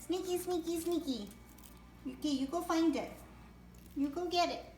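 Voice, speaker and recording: Woman, very high voice, slow sing-song pet talk; roomy home recording, faint hiss. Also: darkish tone. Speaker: pet bird owner.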